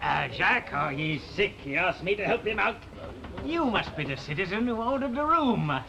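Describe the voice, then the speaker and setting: A man's voice: high-pitched, big pitch swings, normal speed, gravelly, pushed and bright, slight background noise, heavily acted. An actor playing a blunt young male companion in a 1960s television drama, heard as dull old television sound. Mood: play-acting.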